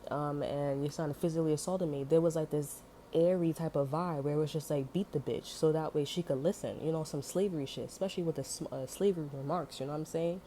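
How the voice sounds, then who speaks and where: Woman venting a story, low mellow voice, lots of cussing n fillers. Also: fairly even intonation, fast, slight background noise. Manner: heated, profane, many fillers. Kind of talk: casual storytelling monologue.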